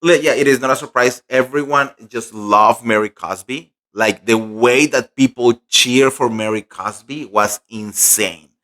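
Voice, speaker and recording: A young man recapping a fan convention in casual, gossipy chat, animated and full of fillers. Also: medium pitch, unhurried, hardly any pauses. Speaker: pop culture vlogger.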